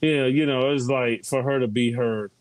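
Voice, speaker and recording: A man's voice: medium pitch, fairly even intonation, moderate pace. A middle-aged man chatting casually in a group, telling stories and quoting people. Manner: chatty storyteller, quotes others often.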